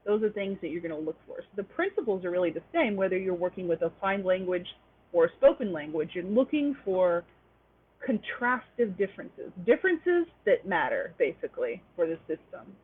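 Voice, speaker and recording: A woman's voice: fairly low pitch, very animated, fairly quick, slightly rough. A woman presenting an online linguistics lecture, explaining step by step and checking in with "right?". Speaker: webinar presenter. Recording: tinny phone-like webinar audio.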